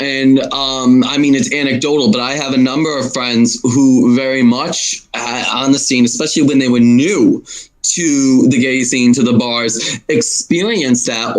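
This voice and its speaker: A man's voice: medium pitch, low-quality recording. Rambling man in casual discussion. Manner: rambling, self-correcting.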